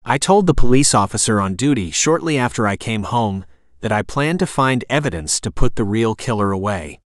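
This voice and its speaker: A man's voice: mid-range voice, expressive, normal speed, dry recording, clean studio sound, close to an everyday voice. Determined young woman, urgent, lighter voice, read by a man.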